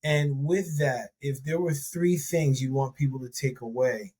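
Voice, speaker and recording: Male podcast co-host, relaxed chat, lots of fillers and restarts, middle pitch. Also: a little slow, slightly rough. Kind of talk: casual podcast conversation.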